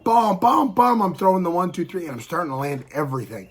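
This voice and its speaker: Man, thirties, husky, scratchy throat, slightly high voice, animated storyteller, fight vlog host. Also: racing. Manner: animated, punctuates with sound effects. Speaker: show host and pro fighter. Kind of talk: casual storytelling to camera.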